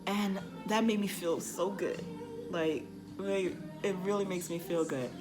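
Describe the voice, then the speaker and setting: A woman bus driver telling stories in a casual vlog, chatty and full of "you know", acting out the kids' voices in high shrieks. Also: unhurried, music in the background.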